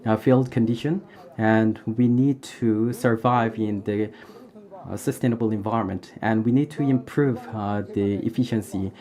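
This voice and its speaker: A man giving a live English interpretation of a formal debate, pausing often with "uh". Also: lowish voice, fairly even intonation, warm tone. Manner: halting, with frequent "uh" pauses.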